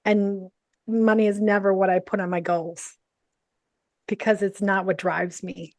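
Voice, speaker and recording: A woman business coach telling a personal story in a casual interview, animated, laughing often and saying "like" and "you know" a lot. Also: mid-range voice, unhurried, dry recording.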